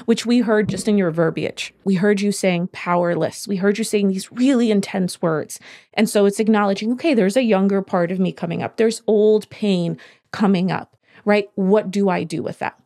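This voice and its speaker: A woman speaking as a guest coach, her voice at an ordinary middle pitch. She explains things in a steady, emphatic way, circling back to repeat the points that matter most. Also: normal speed. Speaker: podcast guest, healing coach. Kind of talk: explaining in conversation.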